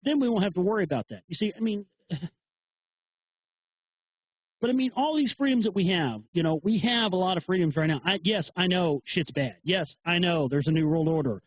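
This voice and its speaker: Male live-stream host, high husky voice, cussing and emphatic, dull lo-fi audio. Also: expressive, fast talker, no echo. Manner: profane, emphatic, heated. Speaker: host of a live internet talk show. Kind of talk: ranting monologue.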